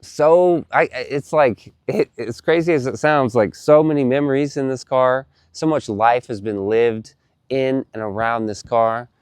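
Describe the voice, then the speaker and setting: A man casually telling a story to the camera, animated and profane, often repeating himself. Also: mid-range voice, measured pace, smooth, no echo, clean studio sound.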